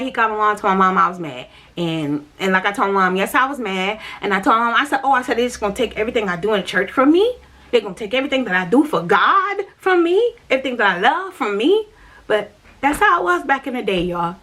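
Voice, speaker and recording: A middle-aged woman speaks to camera in a personal testimony, slightly high and husky. She is earnest and talks straight to her viewers, coming back to her main points again and again. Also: expressive, fast talker, sharp tone. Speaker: vlogger sharing her faith journey.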